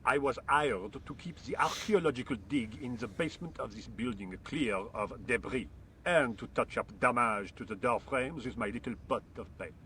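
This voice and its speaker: Guy doing a lazy french workman in a game, dry and couldn't-care-less, bright forceful tone, faint hiss behind. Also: mid-range voice, normal speed, lightly acted. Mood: indifferent. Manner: dry, languid and sarcastic. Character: lazy, indifferent male workman painter. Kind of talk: video game voice acting.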